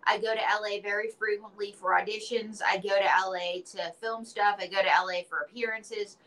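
Speaking a little fast with fairly even intonation, this woman is a guest being interviewed, an entertainer and author who spins casual stories with playfully performed quotes. Her voice is medium-pitched and fairly bright, and the recording quality is poor.

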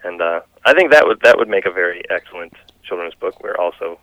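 Low-voiced man, dull dry recording. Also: fast talker, no room sound. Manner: relaxed, chuckling, thoughtful. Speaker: guest, children's book author and illustrator. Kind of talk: casual interview chat.

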